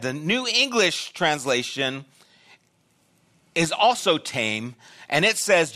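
An older man preaching a sermon as pastor, telling a personal story with loud bursts and quiet asides. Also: a little high, very animated, slow, long pauses.

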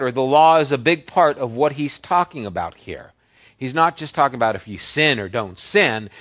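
A male preacher delivers a verse-by-verse sermon at an unhurried pace, leaning hard on key words and letting pauses hang. The recording is dry and close, with a dull, lo-fi tone. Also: medium pitch, fairly bright tone, dry recording. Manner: deliberate, emphatic, with drawn-out pauses on key words.

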